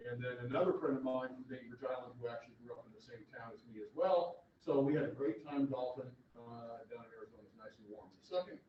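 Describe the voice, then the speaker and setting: A man's voice: mid-range voice, slight background noise. A man at a club meeting giving casual announcements, rambling and hesitant with many fillers. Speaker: club member. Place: meeting room. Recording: echoey room from far off, dull.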